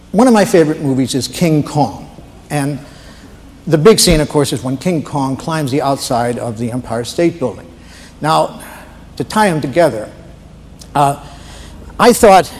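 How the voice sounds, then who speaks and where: Man, stand-up comedian, halting, filler-heavy, somewhat high pitch, hall reverb. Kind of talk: stand-up set-up.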